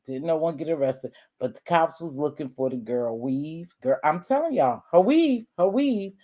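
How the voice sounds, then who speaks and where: A woman in her sixties who speaks at a middling pitch. She tells a long family story to a live audience in a relaxed, chatty way, full of asides and lively retellings. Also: moderate pace. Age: 60s. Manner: animated, chatty, calls listeners "baby" and "y'all". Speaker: guest telling a family story.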